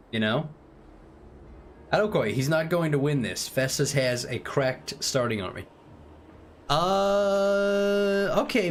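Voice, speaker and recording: Giving casual live-stream commentary on a strategy game, a man from the UK rambles, jokes with his chat, and offers tactics. His voice is medium-pitched and fairly bright, with a little hiss or hum in the recording.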